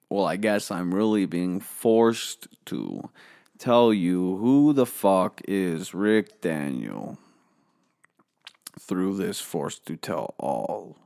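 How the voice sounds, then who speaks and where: A man with a deep, gravelly voice drawls slowly through a comic tale. He is boastful and rambling and swears freely. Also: darkish tone. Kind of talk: comedic storytelling monologue.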